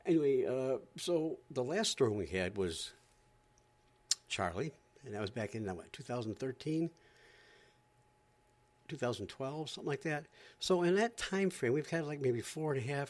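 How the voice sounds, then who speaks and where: This podcast host has a medium-pitched, darkish voice. He rants in exasperated, sarcastic commentary and keeps repeating himself.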